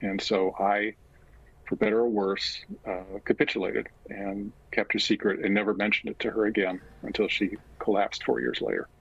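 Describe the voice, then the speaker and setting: A low, gravelly older man tells a long personal story, pausing often as he speaks. His voice sounds husky. The remote call audio is dull and lo-fi. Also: flat delivery, a bit bright. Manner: slow, measured storytelling with frequent pauses. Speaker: guest, physician and author.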